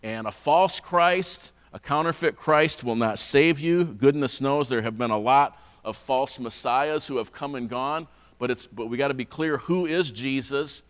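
A man's voice: medium pitch, unhurried, fairly bright tone. Guy preaching in church, chatty, long echo off the walls. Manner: conversational, repeats words when restarting. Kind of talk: sermon. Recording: long hall reverb.

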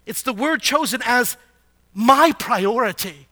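High, bright-voiced male preacher. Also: wildly swooping pitch, measured pace. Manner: rhetorical questions, swings from hushed to loud. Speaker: pastor. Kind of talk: sermon.

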